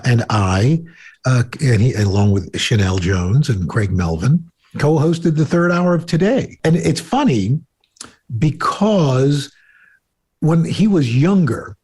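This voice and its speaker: A man's voice: medium pitch, a little mellow, breathy edge. A man co-hosting a casual chat show from home into a desktop microphone, rambling with fillers and restarts. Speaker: co-host. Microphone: desktop USB microphone.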